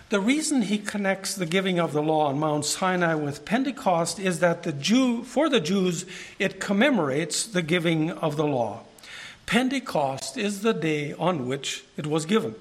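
A man with a high voice preaching a Bible lesson. He reads scripture aloud and stops to explain it to the congregation. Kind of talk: Bible teaching sermon.

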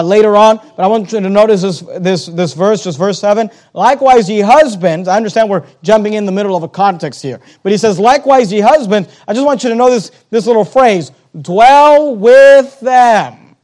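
A high-pitched man preaching to his congregation. He is emphatic and conversational, repeating key phrases for weight and speaking straight to the listeners in the pews. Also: fast, hardly any pauses, a little mellow. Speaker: pastor. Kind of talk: sermon.

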